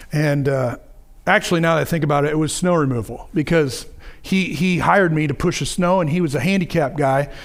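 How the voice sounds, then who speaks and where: A man's voice: sits high, gravelly. A middle-aged man preaching a sermon, earnest and repetitive, telling a story with stammered restarts. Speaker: pastor.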